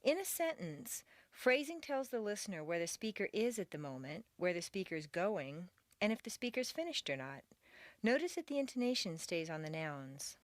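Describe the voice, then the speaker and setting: A woman leads a recorded pronunciation lesson and reads each example slowly and deliberately. Her intonation swoops up and down well beyond normal speech, because she exaggerates it for learners to copy. The recording is dry and close, with no room sound. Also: mid-range voice, big pitch swings, no room sound. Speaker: accent training instructor.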